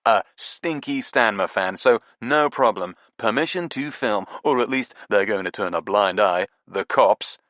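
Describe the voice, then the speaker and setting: A man voicing a brash, excitable male TV presenter who talks loudly and laughs at his own jokes. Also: lowish voice, measured pace, hardly any pauses, no echo. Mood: gossipy. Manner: loud, pushy, slangy, laughs at own jokes. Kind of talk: audiobook character voice.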